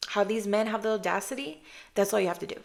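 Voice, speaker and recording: A woman in her thirties hosting a casual podcast chat, telling stories with lots of filler and calling the listener babe and girl, sometimes dropping into a hushed voice for quotes. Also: medium pitch, quick pace, vocal fry. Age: 30s. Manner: chatty, animated storytelling, calls listener babe and girl. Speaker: podcast host.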